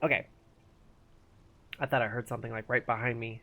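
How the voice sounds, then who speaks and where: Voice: medium pitch, fast, creaky, long pauses, fairly bright tone. A gaming streamer chatting casually while playing, thinking aloud and sometimes mumbling. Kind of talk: casual live-stream commentary.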